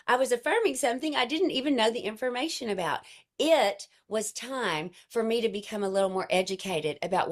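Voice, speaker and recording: A woman telling an emotional personal story to her sales team in an earnest way. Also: on the high side. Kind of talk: personal storytelling to an online group.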